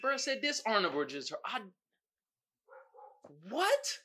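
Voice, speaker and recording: A man hosting a casual solo podcast, riffing in an animated, exasperated way with lots of slang and laughter. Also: high voice, a little slow. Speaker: podcast host.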